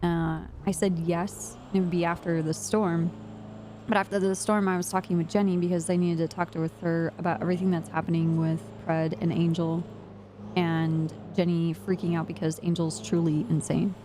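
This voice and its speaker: Chatty woman streamer, lower voice. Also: level tone, moderate pace, warm tone, slight background noise. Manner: chatty, laughs often, rambling storytelling. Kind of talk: casual chat with stream chat.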